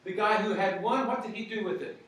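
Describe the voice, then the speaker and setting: A man's voice: high-pitched, fairly quick, fairly bright tone. A man teaching a group, asking many rhetorical questions and repeating phrases. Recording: very echoey, from far off.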